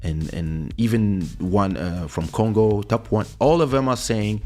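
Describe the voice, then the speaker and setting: Male podcast host with a lowish voice, lively storyteller who acts out quotes, soft music underneath. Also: measured pace. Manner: animated, acts out quoted speech with big pitch jumps. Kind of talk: casual storytelling. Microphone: studio microphone.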